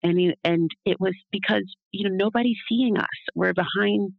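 Gravelly woman musing in a dull recording. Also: mid-range voice, normal speed, no room sound. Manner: rambling and reflective, with frequent tag questions. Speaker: guest, doula. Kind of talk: casual interview talk. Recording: dull, lo-fi, dry.

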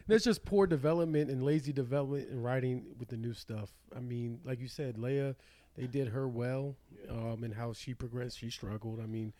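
A man's voice: mid-range voice, fairly even intonation, moderate pace, warm tone, dry recording. A man in a casual comedy chat, mostly agreeing with short replies and laughs.

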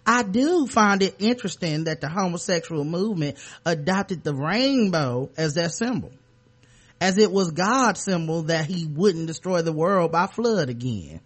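A man's voice: high-pitched, animated, unhurried, fairly bright tone, exaggerated voice. A man putting on a drawling Southern bigot. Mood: mock-genteel. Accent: put-on American Southern. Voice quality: drawling, mock-genteel. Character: pompous Southern bigot sipping a mint julep.

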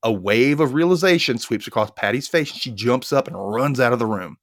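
A man's voice: mid-range voice, fairly quick, dry recording, clean studio sound. A man co-hosting a podcast, casually recapping a TV episode scene by scene. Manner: animated retelling, briefly voicing characters' lines. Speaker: podcast co-host.

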